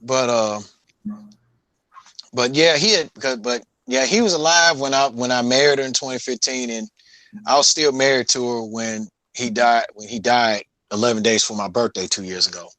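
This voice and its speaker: A man's voice: mid-range voice, normal speed, bright, forceful tone, dry recording, low-quality recording. A man casually and profanely telling a rambling story about his late father, with many restarts. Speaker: guest.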